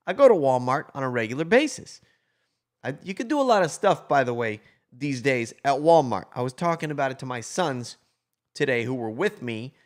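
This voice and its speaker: A middle-aged man with a mid-range voice talks loosely to his viewers on a livestream. He rambles, drifts between topics, and tosses in joking asides as he reads out comments. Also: medium pitch. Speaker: prankster hosting a livestream. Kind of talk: casual livestream chat, reading viewer comments.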